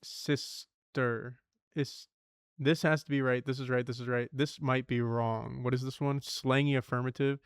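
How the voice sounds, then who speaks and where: A man's voice: mid-range voice, little pitch movement, measured pace, smooth, no echo, clean studio sound. A young man streaming himself solving word puzzles, thinking aloud, swearing and muttering clues to himself.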